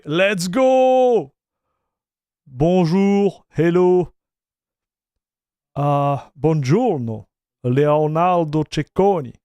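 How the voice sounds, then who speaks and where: A man's voice: fairly high pitch, darkish tone, smooth, no room sound, studio quality. A man with a French accent, a native French speaker, casually hosting a gaming livestream and greeting viewers one by one with a laugh. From North America. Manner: chatty, greets viewers by name, mixes in French and Spanish phrases, laughs often. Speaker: streamer reviewing Linux gaming.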